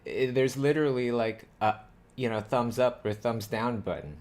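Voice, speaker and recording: A man's voice: mid-range voice, moderate pace, darkish tone. A man hosting a casual group chat, rambling and thinking aloud with many fillers. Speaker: host.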